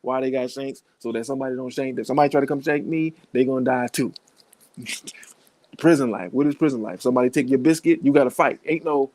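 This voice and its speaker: A man's voice: mid-range voice, steady tone, brisk, pauses often, a little mellow, no echo. A man giving blunt, profane reaction commentary in a casual way, laughing between points.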